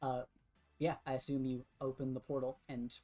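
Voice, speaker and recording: A man's voice: medium pitch, little pitch movement, normal speed, dark tone, faint music behind. Casual male game master narrating. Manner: loose, filler-heavy narration with frequent restarts.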